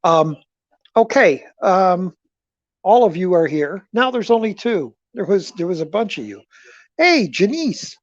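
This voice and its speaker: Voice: mid-range voice, very animated, measured pace, no echo, lo-fi sound. A live-stream host chatting in a rambling way with viewers in the chat, often stammering and repeating words while talking about selling a movie collection. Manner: talks directly to viewers in the chat.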